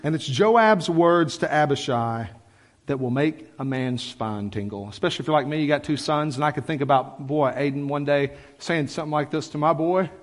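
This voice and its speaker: A middle-aged pastor preaches in a high, bright register, carried by a long reverb through the church sanctuary. He tells stories in an animated, conversational way, full of asides to the congregation. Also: normal speed. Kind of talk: sermon.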